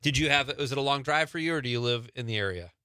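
A man hosting a casual radio talk show in a studio, upbeat and chatty with quick follow-up questions. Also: mid-range voice, lively intonation, pushed and bright, dry recording.

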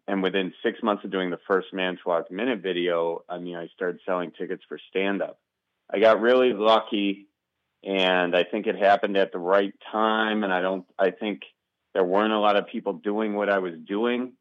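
Low-voiced man with a Wisconsin accent. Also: dry recording, muffled recording. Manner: relaxed, rambling, frequent ums. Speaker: guest, comedian and video maker. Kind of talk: casual interview chat.

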